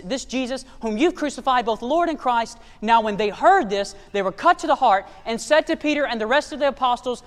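A man with a strikingly high voice preaches an emphatic sermon. He keeps turning questions back to the congregation. His voice rings out with the long reverb of a big church hall. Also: quick pace, hardly any pauses.

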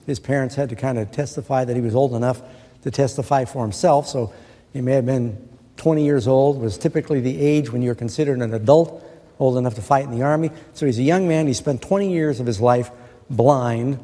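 A man preaching a sermon in an earnest way, asking rhetorical questions and slowing down to quote scripture. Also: mid-range voice, warm tone. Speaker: pastor. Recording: long reverb of a large hall.

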